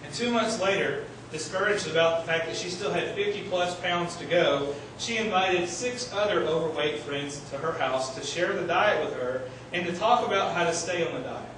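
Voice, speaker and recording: Male pastor preaching with animated storytelling, high voice, recorded from across a very echoey church hall. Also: normal speed, hardly any pauses, distant mic, noisy background. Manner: animated storytelling, shouting quoted lines. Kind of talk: sermon. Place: church sanctuary.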